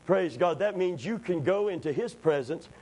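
A man preaching a sermon in a church, calling for amens and rising to shouted emphasis. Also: sits high, animated, moderate pace, a crowd in the background, rough recording. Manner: call-and-response, climbs to shouted emphasis.

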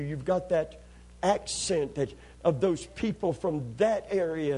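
Speaking a little slowly with a slightly rough voice, a man preaches and performs scenes as he goes. His delivery lurches between excited loudness and subdued, low murmurs.

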